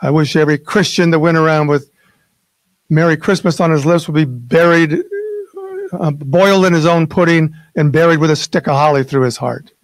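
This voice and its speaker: An older man voicing a grumpy old male miser in a retold story, speaking slowly and gruffly. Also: a little high, steady tone, no room sound, lightly acted, low-quality recording. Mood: grumbling.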